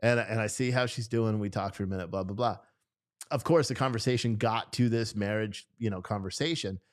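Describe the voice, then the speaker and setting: With a lowish voice and a brisk delivery, a livestream host goes off on chat comments, cursing heavily and laughing at his own remarks. The talk is casual and unscripted.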